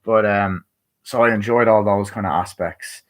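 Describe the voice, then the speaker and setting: A man giving a casual movie review, rambling and swearing freely as he acts out scenes in quick voices. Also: lowish voice, steady tone.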